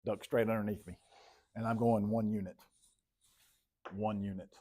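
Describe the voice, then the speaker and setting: A man's voice: fairly low pitch, little pitch movement, normal speed, dark tone. A man teaching a classroom lesson, working problems on the board and calling on students by name. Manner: talking while plotting on the board, quizzing students by name. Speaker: math teacher. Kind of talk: classroom lecture.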